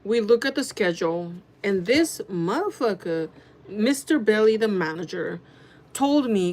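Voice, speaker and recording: Chatty woman telling a story vlog. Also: medium pitch. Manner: chatty, animated and profane, rushing in quick bursts. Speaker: vlogger.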